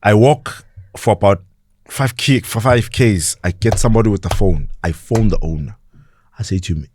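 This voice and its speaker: A South African man, a podcast guest, telling a dramatic story in an animated way and acting out the voices of the people in it. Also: fairly low pitch, moderate pace, no echo. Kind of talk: storytelling in an interview.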